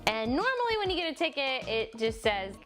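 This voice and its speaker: Animated woman telling a storytime vlog. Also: high voice, fairly quick, soft background music. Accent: New Jersey. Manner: animated, self-mocking storytelling with playful exaggeration. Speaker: vlogger. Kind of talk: casual storytime monologue.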